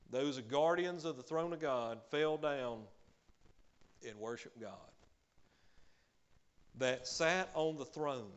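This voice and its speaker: A man preaching a sermon, emphatic, swinging between loud declarations and quiet asides, often adding "hallelujah.". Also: mid-range voice, clear, resonant tone, highs cut off. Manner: peppers speech with hallelujah.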